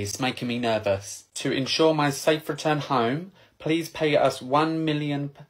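Man voicing a kidnapped woman, deadpan, cheeky and demanding, husky comic sketch voice. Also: medium pitch, lightly acted. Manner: deadpan and indignant, swearing. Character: kidnapped woman, bossy, complaining, unfazed. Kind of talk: comedy sketch.

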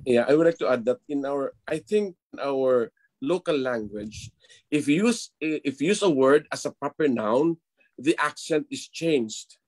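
Measured priest on a video call. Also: male voice, mid-range voice, lively intonation, a little mellow, no room sound. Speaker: priest and panelist. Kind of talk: online panel discussion.

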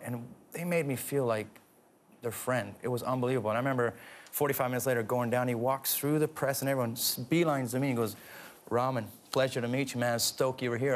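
Canadian man telling lively stories. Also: mid-range voice, slight background noise. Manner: animated storytelling, laughs often. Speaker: guest, actor and singer. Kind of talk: casual talk show interview.

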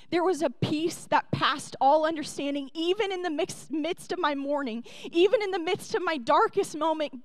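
High-voiced woman pastor preaching earnestly. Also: dry recording. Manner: earnest, tender, rising to emphatic peaks. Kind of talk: sermon.

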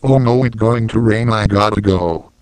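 A man voicing a rude, grumpy cartoon character in a meme parody, in a flat, monotone delivery. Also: lowish voice, moderate pace, very noisy, lightly acted. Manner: monotone, reads internet slang aloud.

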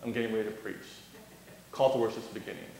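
A male guest speaker telling a story to an audience, lively and playful, slipping into other people's voices. His voice bounces around a large, very echoey hall, with a faint hiss behind it. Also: fairly low pitch, fast talker, gravelly. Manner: animated, acts out voices, laughs through his story. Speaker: guest speaker on youth ministry. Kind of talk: storytelling address.

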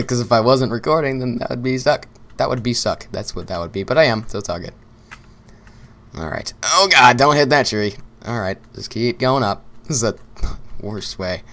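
A young man with a lowish, slightly bright voice gives casual commentary while playing a game. He rambles and repeats himself as if talking to himself, breaking into frequent bursts of laughter.

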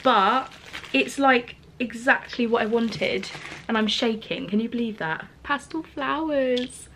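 A woman chatting in a studio vlog, excited and emotional, often laughing and dropping to soft whispers. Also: on the high side, unhurried, a little hiss or hum. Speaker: small business owner vlogging. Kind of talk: casual studio vlog chat.

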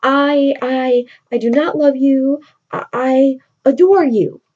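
A woman's voice: high-pitched, fairly even intonation, slow, a little mellow, pitched above the performer's own voice. Woman playing an awkward young man, stammering, pleading, muffled lo-fi sound. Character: tongue-tied young male suitor, awkward and pleading.

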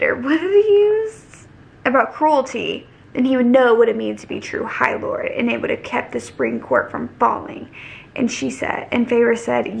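Gravelly, chatty woman reading aloud. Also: fairly high pitch, very animated, normal speed. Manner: chatty and gushing, heavy use of "like". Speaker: book vlogger. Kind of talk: casual book reread, reading passages aloud and reacting.

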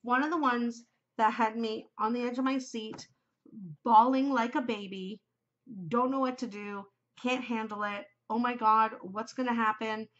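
A woman's voice: a little high, fairly even intonation, measured pace, a bit bright. A middle-aged woman hosting a casual chat podcast, chatty, emotional and gushing as she talks. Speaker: podcast host. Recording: muffled lo-fi home recording.

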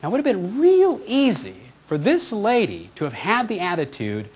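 Inspirational speaker and radio host, male, higher-pitched, very expressive storyteller, light music bed. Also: moderate pace. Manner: animated, heartfelt storytelling with acted-out quotes.

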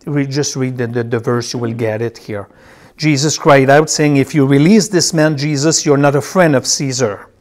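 A man's voice: medium pitch, steady tone, normal speed. A man teaching a Bible class, who repeats key phrases and tells his students which words to circle as he reads.

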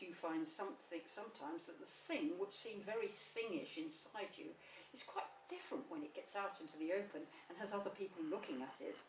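Woman reader, expressive storytelling, roomy and slightly distant sound. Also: fairly low pitch, a little hiss or hum. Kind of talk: reading a children's book aloud.

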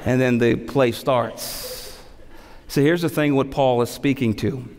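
With a measured pace and mid-range voice, a thirtysomething pastor preaches animatedly in a church sanctuary. Humorous stories alternate with key phrases he repeats for emphasis, all carried on a long hall reverb.

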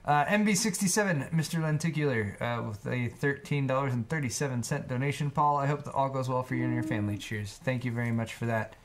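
A man's voice: mid-range voice, quick pace, hardly any pauses. Casual male co-host explaining tech. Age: adult, married. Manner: explanatory, repeats words when starting. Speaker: co-host reading donations. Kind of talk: casual livestream chat.

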